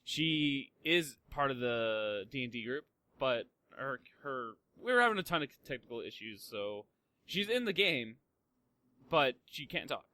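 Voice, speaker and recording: Young man, podcast host, bright forceful voice, casual rambling chat, swears freely. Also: medium pitch, expressive, unhurried, no echo. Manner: rambling, swears freely, lots of fillers and restarts.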